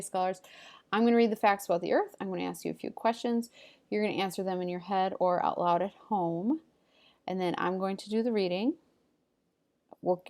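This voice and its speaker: A woman teacher at a middle pitch, reading out vocabulary words one by one and pausing for the class to repeat. She speaks clearly and patiently, leading call-and-response drills. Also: mellow. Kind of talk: recorded remote reading lesson.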